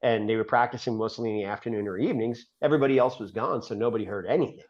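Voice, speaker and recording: A man's voice: on the low side, very fast, darkish tone. Chatty man telling a long story, lo-fi. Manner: rambling, filler-heavy, laughs often mid-story. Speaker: podcast guest. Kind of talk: casual storytelling.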